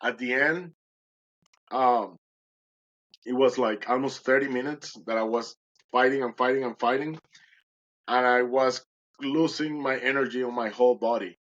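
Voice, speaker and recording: A man's voice: medium pitch, a little slow, pauses often, fairly bright tone, muffled recording. A podcast guest, a man, recounting a dramatic personal story in conversation and acting out his own words with animation.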